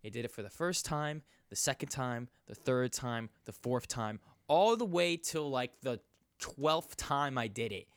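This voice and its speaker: A young man spins a rambling, profanity-laced story in loose casual chat. He grows louder and much higher as his frustration builds. The sound is close and dry, with no room around it. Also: lively intonation, unhurried, clear, resonant tone, dry recording. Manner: rambling, profane, gets loud and high when riled. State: sore.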